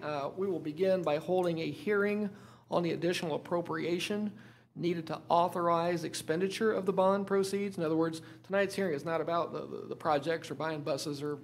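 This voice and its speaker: A man's voice: on the high side, creaky, slight background noise. A man, a school superintendent who says he is losing his voice, presenting items at a school board meeting with many filler words and restarts. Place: meeting room.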